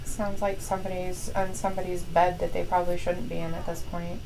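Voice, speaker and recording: Woman on a wrestling watch-along, swears a lot, reads the chat out, a bit of vocal fry. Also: on the low side, little pitch movement, brisk, crowd noise, low-quality recording. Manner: profane, blunt, reads chat comments aloud. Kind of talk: casual live reaction chat, reading viewer comments.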